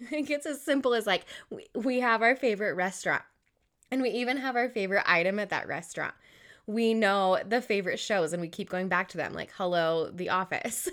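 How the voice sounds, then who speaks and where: Brief: woman in her thirties, host, warm and upbeat, casual motivational chat, filler-heavy and friendly. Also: mid-range voice. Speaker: podcast host and challenge organizer.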